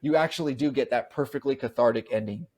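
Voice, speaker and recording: A man's voice: medium pitch, fast, a little mellow. A man chatting casually on a podcast, reviewing a horror film in a rambling way, often repeating himself and restarting sentences. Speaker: podcast co-host. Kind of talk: casual movie review chat.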